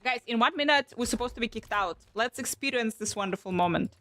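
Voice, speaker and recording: A young woman chatting casually on a live stream, animated and swearing often as she restarts her sentences. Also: a little high, quick pace. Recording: faint background music.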